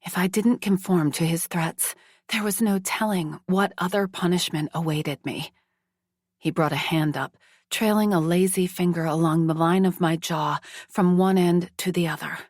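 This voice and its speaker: A woman narrating a first-person romance audiobook in a slow, hushed, measured reading. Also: lowish voice, steady tone, no room sound, studio quality.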